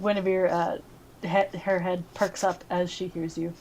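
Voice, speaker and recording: A woman narrating as game master of a tabletop role-playing game, giggly and lively. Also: lowish voice, unhurried, background noise.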